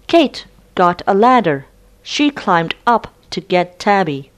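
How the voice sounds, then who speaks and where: Woman, storybook reader, very slow pace, lively rise and fall, clear deliberate reading. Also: mid-range voice. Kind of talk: slow read-aloud storybook narration.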